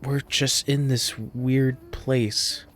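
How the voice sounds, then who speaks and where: A man's voice: medium pitch, fairly even intonation, drawn-out words, fairly bright tone, slight background noise. A man giving casual commentary while he plays a video game. He sounds sleepy and rambles, with lots of fillers, restarts and swearing. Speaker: gamer playing and commenting.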